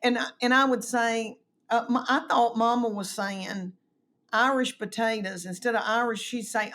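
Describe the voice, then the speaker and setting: Animated woman telling stories. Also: a little high, normal speed. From East Tennessee, US. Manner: animated storyteller doing quoted voices. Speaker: comedian guest. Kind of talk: casual chat, storytelling.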